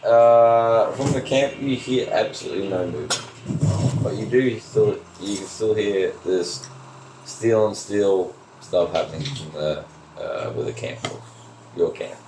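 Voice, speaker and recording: A man narrating as game master of a tabletop game, halting and full of fillers. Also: on the low side. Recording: echoey room, faint background noise.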